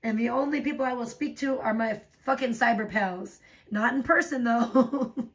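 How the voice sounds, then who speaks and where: A woman's voice: on the high side, normal speed, distant mic. A woman hosting a livestream, ranting in a profane, rambling way and laughing often. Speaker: livestream host. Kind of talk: casual livestream rant.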